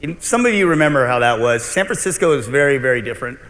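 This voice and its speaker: A man's voice: mid-range voice, lively intonation, fast talker, a bit bright. A middle-aged man giving a conference keynote as a restaurant owner, telling his story bluntly and animatedly, with some swearing. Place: large convention hall. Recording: long hall reverb.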